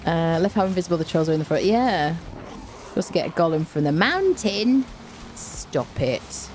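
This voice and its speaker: A woman's voice: fairly low pitch, animated, fast talker, darkish tone, slight background noise. A woman streaming a game, chatting casually with viewers and humming little tunes to herself as she plays. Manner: greets chat viewers by name. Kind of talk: casual gameplay commentary.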